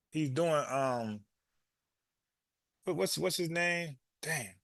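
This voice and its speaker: A man's voice: on the high side, a little slow, a bit bright, dry recording, studio quality. A man hosting a reaction video, talking bluntly back at a news clip in casual commentary.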